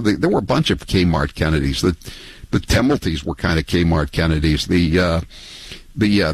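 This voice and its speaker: Husky-voiced male radio host. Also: fairly low pitch, no echo, rough recording. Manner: rambling, mocking storyteller. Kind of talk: casual call-in radio chat.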